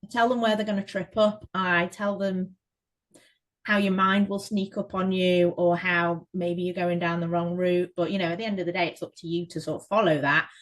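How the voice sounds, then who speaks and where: A woman from England, a photographer, talking casually as a podcast guest and telling her story in a lively way with plenty of fillers. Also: lowish voice, normal speed, low-quality recording.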